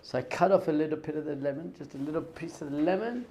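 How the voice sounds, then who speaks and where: A middle-aged rabbi speaks with a somewhat high, gravelly voice. He tells a story full of excitement, getting loud one moment and dropping to a hushed, awed tone the next. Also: fast. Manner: excitable, swings from loud enthusiasm to hushed awe. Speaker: rabbi and teacher.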